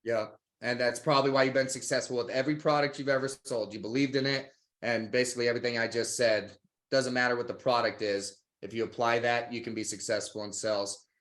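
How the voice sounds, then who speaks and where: A man's voice: mid-range voice, fairly even intonation, fast, fairly bright tone. A man hosting a sales webinar, enthusiastic and motivational, talking to viewers as guys. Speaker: webinar host. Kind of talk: webinar interview.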